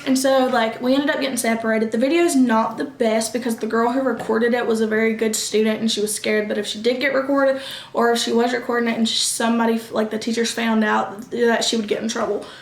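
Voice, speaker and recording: A young woman, telling a casual storytime vlog, animated and quick, acting out what others said. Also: a little high. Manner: animated, quick bursts, acts out quoted voices. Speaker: vlogger. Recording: echoey room.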